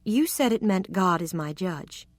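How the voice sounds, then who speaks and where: A woman voicing a young gentleman who speaks cautiously and properly, a little flustered. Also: fairly low pitch, lively intonation, a little slow, dry recording.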